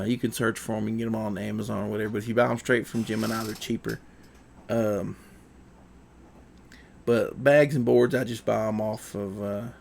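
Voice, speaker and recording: A man hosting his own livestream, chatting in a relaxed, rambling way about packing orders. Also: on the low side, gravelly, a little hiss or hum. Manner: rambling, relaxed, with fillers and folksy asides. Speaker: livestream host. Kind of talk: casual chat while packing orders.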